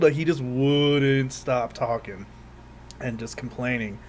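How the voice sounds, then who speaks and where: A man's voice: medium pitch, unhurried, a little hiss or hum. A young man co-hosting a podcast, telling rambling, profane stories in casual chat and laughing often. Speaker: podcast co-host.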